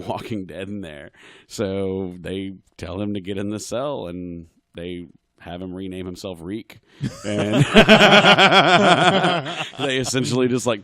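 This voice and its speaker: Man, low pitched, casual podcast talk, laid-back and halting, dry close mic. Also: bright, forceful tone, dry recording. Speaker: podcast co-host. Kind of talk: casual chat.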